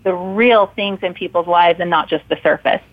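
A woman guest telling a personal story in casual conversation, animated and acting out her own thoughts in quotes. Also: fairly low pitch, normal speed. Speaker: podcast guest and author. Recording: tinny phone-like line.

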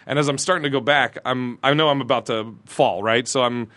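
A man, a comedian guest, telling an animated story, laughing through it and acting out the people in it. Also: medium pitch, a little fast, no room sound. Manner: laughs through his story, acts out quotes.

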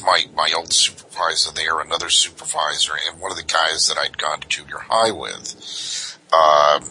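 Older man, low and bright, highly animated guest telling war stories. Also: a little hiss or hum, rough recording. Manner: animated, full of "you know" asides. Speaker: guest, former undercover investigator. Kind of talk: anecdotal storytelling in an interview.

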